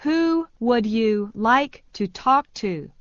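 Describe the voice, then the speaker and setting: Slow, clear woman, slightly high, reading English phrases for learners. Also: no echo. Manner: slow, even repetition of each phrase. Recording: dull dry studio sound.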